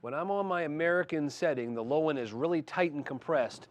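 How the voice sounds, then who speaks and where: A man's voice: a little high, fairly quick. A middle-aged man casually demoing a guitar amp in a music store, explaining each setting between riffs. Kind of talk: casual product demo. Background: loud electric guitar playing.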